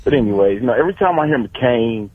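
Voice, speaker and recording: A man's voice: medium pitch, animated, quick pace. A man from Illinois calling in to a radio show, ranting bluntly and cursing. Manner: profane, blunt, indignant. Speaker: caller. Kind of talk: call-in rant. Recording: husky voice over tinny phone line.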